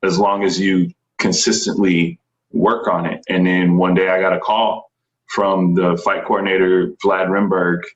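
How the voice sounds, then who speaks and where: A young man from Texas, a stunt performer, talks through his story in a relaxed interview. His voice sits fairly low and he tells it with animated enthusiasm, slipping into other people's voices. The room has a noticeable echo. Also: unhurried, muffled recording. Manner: animated, enthusiastic, frequent laughs and quoted voices.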